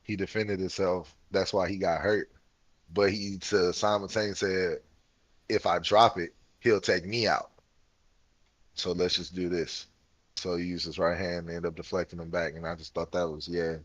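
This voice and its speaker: A man's voice: low-pitched, little pitch movement, normal speed, dry recording, low-quality recording. A man co-hosting a podcast in casual chat, rambling and thinking aloud as he goes. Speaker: podcast co-host.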